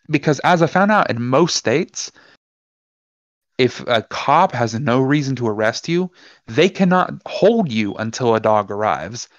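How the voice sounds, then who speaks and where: A man's voice: medium pitch, a little slow, no echo. Man telling stories on a dull, dry podcast. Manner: animated storyteller, acts out quoted exchanges. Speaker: podcast co-host. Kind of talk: casual podcast chat.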